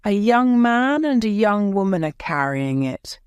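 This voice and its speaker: A woman's voice: medium pitch, very animated, a little slow, clean tone, dry recording, pitched above the performer's own voice. A woman voicing a nervous male airport policeman giving hesitant, polite answers in court. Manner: hesitant, deferential, adds "sir".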